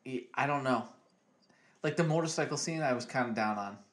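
A man's voice: mid-range voice, a little fast. A young man co-hosting a podcast in casual chat, laid-back, hesitating and trailing off. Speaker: podcast co-host.

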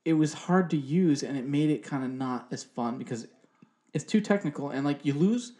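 A man in his thirties co-hosts a podcast, chatting casually and rambling while swearing freely. His voice is warm and a little high, and he talks at a moderate pace.

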